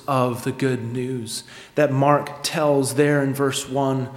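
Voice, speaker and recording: A male pastor preaching a sermon, speeding up and dropping to a hush as he acts out the voices of the story. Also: mid-range voice, flat delivery, slow. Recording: echoey hall.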